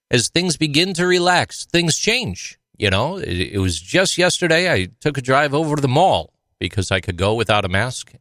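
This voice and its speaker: A man's voice: fairly high pitch, a bit bright, dry recording, clean studio sound. Rambling man in casual chat. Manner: rambling, lots of "you know" fillers. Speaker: podcast co-host and emcee.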